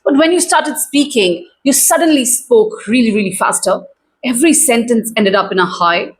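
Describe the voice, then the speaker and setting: A woman communication coach teaching straight to camera in a clear, measured, emphatic way. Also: fairly high pitch, expressive, a little hiss or hum.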